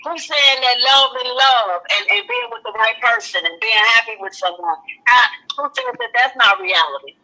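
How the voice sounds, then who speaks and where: A woman's voice: fairly high pitch, very animated, normal speed, hardly any pauses, bright, forceful tone, poor audio. A woman co-hosting a casual chat, blunt, teasing and insistent. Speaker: co-host.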